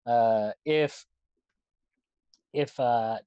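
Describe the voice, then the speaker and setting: A man co-hosting a casual sports podcast, talking haltingly with lots of "like" and "uh". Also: medium pitch, warm tone, clear, resonant tone, no echo, muffled recording. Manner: hesitant, full of "like" and "uh". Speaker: podcast co-host.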